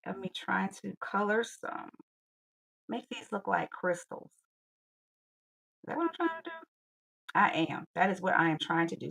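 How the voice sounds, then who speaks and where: A woman's voice: mid-range voice, very animated, normal speed, creaky, long pauses, fairly bright tone, low-quality recording. A woman with a Southern US accent, chatting casually with viewers while she colors on her livestream and talking herself through her work. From Georgia, US.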